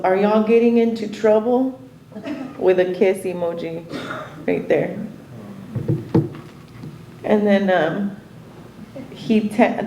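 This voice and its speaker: A woman's voice: medium pitch, warm tone, a little hiss or hum. Nervous woman telling a story, echoey. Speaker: mother speaking at a memorial. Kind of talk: informal memorial tribute.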